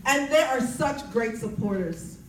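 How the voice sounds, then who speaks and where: A woman's voice: fairly high pitch, animated, unhurried, slight background noise. Earnest woman preaching her testimony, roomy. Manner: earnest, preaching cadence with repeated phrases. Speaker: speaker sharing personal testimony. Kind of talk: faith-based testimony talk. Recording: roomy, distant mic.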